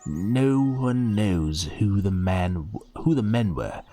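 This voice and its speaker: A man voicing a shy young man who stammers and tells a sad story slowly and wistfully, reading it out from a story game. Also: on the low side, lively intonation, warm tone, soft background music.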